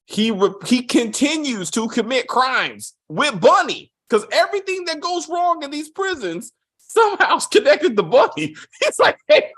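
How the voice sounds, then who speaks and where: Lively, profane male TV reviewer. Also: very high voice, normal speed. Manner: animated, swearing, mocking retellings with acted quotes. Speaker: TV show reviewer. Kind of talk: casual profane review chat.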